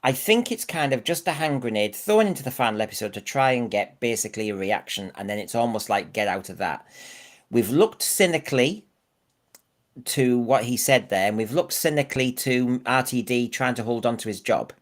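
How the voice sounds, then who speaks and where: A man's voice: medium pitch, lively intonation, normal speed. A man co-hosting a podcast, opinionated and fond of rhetorical questions in casual discussion. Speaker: podcast co-host.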